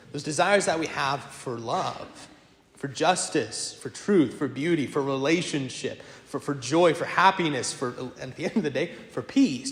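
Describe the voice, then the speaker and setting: Priest preaching, animated and wry, fairly high voice, echoey church. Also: male voice. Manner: animated, self-deprecating humor, quick asides. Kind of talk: lively sermon with storytelling. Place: large church.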